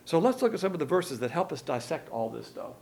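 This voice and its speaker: A man's voice: fairly high pitch, very animated, fast talker, vocal fry, a little mellow, slight background noise. A man preaching a sermon, colloquial and emphatic, with slangy asides.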